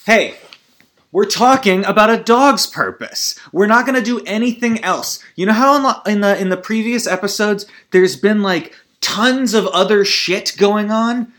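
A man hosting a solo comedy podcast, rambling and self-deprecating, weary and feeling low, swinging between loud outbursts and mumbling. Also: moderate pace, few pauses. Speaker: podcast host.

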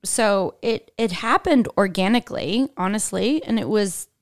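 A woman's voice: mid-range voice, unhurried. Woman, from Indiana, podcast guest, casual interview chat, rambling, filler-heavy, laughs often. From Indiana, USA.

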